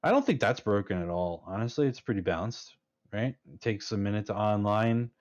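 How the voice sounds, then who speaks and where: An emphatic man talking through a dull, lo-fi line. He has a lowish voice and keeps tagging his points with "right?" in a casual panel chat. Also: expressive, a little fast, darkish tone. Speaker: panel guest, fleet commander.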